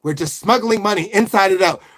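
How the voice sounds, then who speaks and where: A brash Italian-American mob boss barks orders and brags about his plans, played by a man in a put-on accent. His voice sits fairly high for a man and moves at an unhurried, drawn-out pace. He scolds, boasts and lays out his schemes like he owns the street. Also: a bit bright. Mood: bossy.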